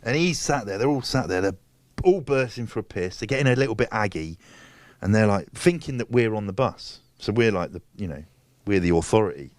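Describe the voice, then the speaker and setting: A man's voice: lowish voice, animated, fairly quick, darkish tone, dry recording. A man telling a story in casual chat. He swears freely and acts out other people's lines. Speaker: guest.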